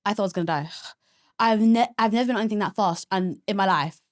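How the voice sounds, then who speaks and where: Young woman, podcast co-host, rapid animated storytelling, dry sound. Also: medium pitch, no room sound. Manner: animated, fast storytelling with many fillers and squealed quotes. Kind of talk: casual chat, storytelling. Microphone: podcast microphone.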